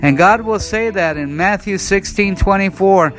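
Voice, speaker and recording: A man's voice: high voice, normal speed, hardly any pauses, fairly bright tone. A man from the United States preaching a sermon, telling a personal testimony in an earnest storytelling way with many "and, uh" restarts. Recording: faint guitar music behind.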